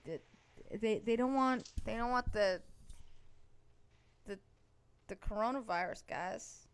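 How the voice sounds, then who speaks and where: A woman hosting a casual podcast chat, blunt, sarcastic and quick to swear. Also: on the high side, smooth. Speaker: podcast host.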